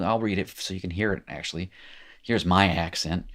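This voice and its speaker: A man's voice: deep voice, fairly quick, fairly bright tone. A man teaching a recorded language lesson, explaining patiently with small asides and encouraging the listener. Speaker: Hebrew teacher.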